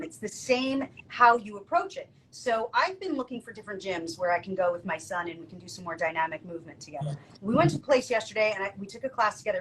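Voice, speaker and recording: A woman co-hosting a podcast, telling stories in a casual, lively way and acting out the quotes. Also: mid-range voice, slight background noise, low-quality recording. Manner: lively, acts out quotes, laughs often. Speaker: podcast co-host. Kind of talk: casual storytelling chat.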